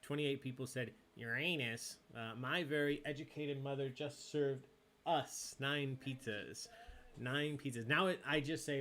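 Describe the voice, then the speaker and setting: A man's voice: mid-range voice, measured pace, a bit bright. A man hosting a live online trivia night, reading questions and answer counts and joking with the players. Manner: playful, chatty, jokes with players and reads answers aloud. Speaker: trivia host.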